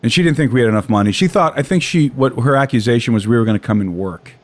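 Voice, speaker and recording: A man's voice: medium pitch, expressive, fast. Rambling American man telling a story. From United States. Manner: rambling, many restarts and repeated words. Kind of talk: casual conversational storytelling.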